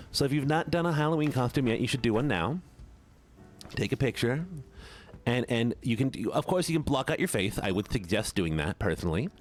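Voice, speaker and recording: A man, a streamer and voice actor, chatting casually with his viewers while playing a game. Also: medium pitch. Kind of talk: casual gaming livestream chat.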